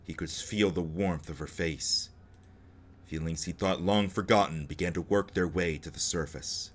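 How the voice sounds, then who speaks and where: A man's voice: low voice, normal speed. A man reading game text aloud and cracking jokes between the lines as he plays. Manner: joking asides between dramatic narration. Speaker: let's play host.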